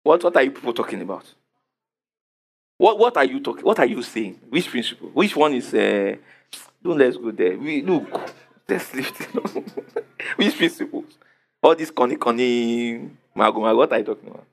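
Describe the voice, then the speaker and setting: A man's voice: medium pitch, very animated, moderate pace, gravelly. A man preaching a sermon, repeating questions to the congregation and answering them emphatically. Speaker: pastor.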